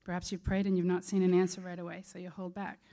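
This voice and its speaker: A woman's voice: lowish voice, little pitch movement, quick pace, dark tone. A woman preaching a sermon in an earnest, conversational way.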